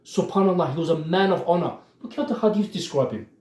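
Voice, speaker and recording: A man's voice: high voice, quick pace, darkish tone, echoey room. A man giving impassioned religious commentary, emphatic and worked up, often turning to address his listeners directly.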